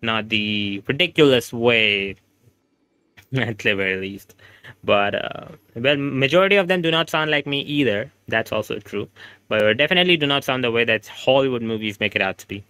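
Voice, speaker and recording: A man's voice: medium pitch, animated, normal speed, sharp tone, smooth, no echo. A man from India, chatting casually on a game livestream and answering viewer comments in a rambling, reassuring way.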